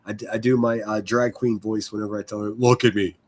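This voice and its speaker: A man's voice: lowish voice, little pitch movement, fast, darkish tone. A man hosting a casual livestream, rambling and swearing freely as he chats with viewers. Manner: profane, rambling, self-deprecating. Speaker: livestream host.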